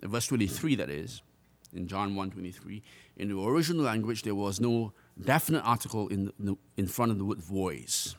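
A man's voice: fairly low pitch, moderate pace. A man preaching a sermon to a congregation, earnest, stretching out key phrases for emphasis and often restarting his words. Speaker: pastor.

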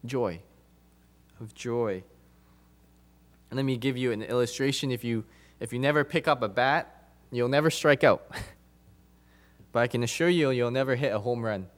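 At medium pitch and normal speed, with long pauses, a man preaches a sermon to his congregation. He is emphatic, repeating phrases for stress and moving from loud to soft passages.

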